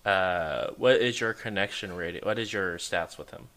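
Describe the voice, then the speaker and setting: A man narrating as the game master of a tabletop game, talking in an animated way with many fillers. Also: low-pitched, moderate pace.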